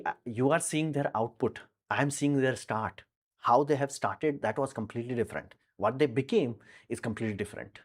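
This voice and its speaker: Man, live stream host, casual Q&A, blunt, rambling, lots of fillers, middle pitch. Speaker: live stream host answering viewer questions.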